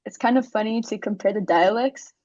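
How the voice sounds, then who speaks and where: A woman's voice: mid-range voice, brisk, a little mellow, no echo, highs cut off. A woman from the United States asking questions in casual stream chat, laughing often. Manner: giggly, curious questioner.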